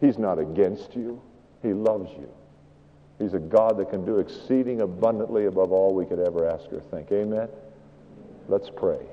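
A man preaching a sermon as pastor, animated, his voice climbing high and then falling to a hush. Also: normal speed. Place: church. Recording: dull recording with long hall reverb.

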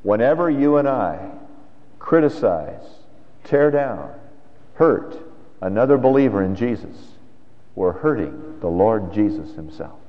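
A man's voice: lowish voice, big pitch swings, unhurried, pauses often. Male pastor, conversational sermon delivery, lo-fi church recording with long reverb. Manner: conversational preaching with rhetorical questions. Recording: dull lo-fi sound with long hall reverb.

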